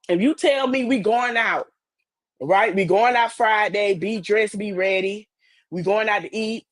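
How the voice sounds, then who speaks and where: A woman's voice: mid-range voice, dry recording. Blunt woman podcaster preaching to listeners. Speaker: podcast host. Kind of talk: casual chat.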